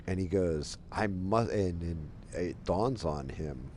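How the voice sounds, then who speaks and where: Speaking slowly in a low, darkish voice with some background noise, a man in his forties streams a game and spins a long, loose story as he plays. He wanders from point to point, packing his talk with fillers, especially "like."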